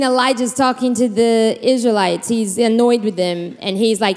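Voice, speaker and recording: A woman preacher giving an emphatic, animated sermon in a church hall, telling stories from scripture. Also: a little high, measured pace, few pauses. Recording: long hall reverb.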